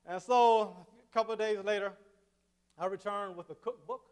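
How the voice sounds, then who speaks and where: Man with a very high voice, excitable church speaker, telling a witnessing testimony with bursts of exclamation. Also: measured pace, long reverb tail. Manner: excitable, exclamatory, repeats himself. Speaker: Adventist speaker sharing a witnessing story. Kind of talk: personal testimony storytelling.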